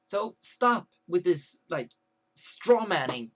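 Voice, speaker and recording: A man's voice: sits high, very animated, slow pace, fairly bright tone, slight background noise. A young man ranting to camera as a vlogger, rambling with many fillers and restarts.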